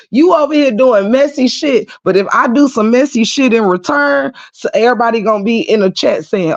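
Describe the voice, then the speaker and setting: A woman's voice: a little high, lively intonation, unhurried, lo-fi sound. A woman hosting a live stream, ranting bluntly and profanely in casual talk. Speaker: livestream host.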